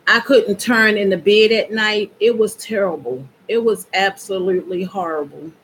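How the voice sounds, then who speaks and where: A woman's voice: medium pitch, fairly even intonation, moderate pace, a bit bright, a little hiss or hum, poor audio. A woman chatting casually and directly to her viewers in a vlog. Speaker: vlogger.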